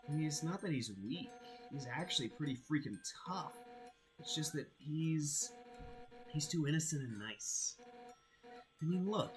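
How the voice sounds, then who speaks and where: A man reading a game aloud while voicing a brash, hot-headed female fish warrior captain in a loud, blunt way. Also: a little high, low-quality recording. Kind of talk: reading game dialogue aloud on a live stream.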